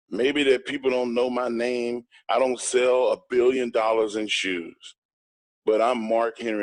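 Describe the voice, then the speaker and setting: A man's voice: medium pitch, no room sound. A middle-aged man, a guest in an interview, telling a story in an emphatic, blunt and boastful way.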